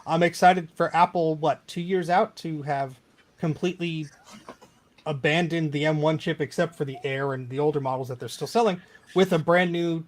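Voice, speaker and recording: A man's voice: fairly high pitch, fairly even intonation, normal speed. A man hosting a casual tech podcast, chatty and loose, joking and filling his talk with ums and restarts.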